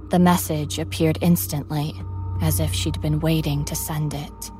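A woman narrating a first-person horror story in a measured, grave way. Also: low-pitched, flat delivery, mellow. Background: music.

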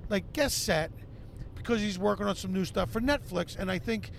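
A male comedian guest on a podcast, telling animated, profane anecdotes and acting out other people's lines. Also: high-pitched, normal speed, vocal fry, slight background noise. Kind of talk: podcast storytelling.

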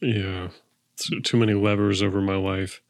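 A man's voice: deep voice, little pitch movement, moderate pace, gravelly, no room sound. Laid-back wry man. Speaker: podcast co-host. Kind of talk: casual banter.

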